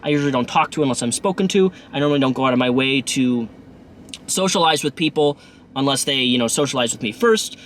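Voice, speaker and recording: A man's voice: mid-range voice, fast talker, a bit bright, slight background noise. A man in his thirties talking casually to camera in a rambling vlog, with many restarts and fillers. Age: 30s. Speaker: YouTuber and bus driver.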